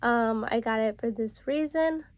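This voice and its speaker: A woman's voice: on the high side, measured pace, no room sound. A young woman vlogger telling a casual storytime while getting ready, chatty and full of fillers. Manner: chatty, many fillers like "like" and "bro".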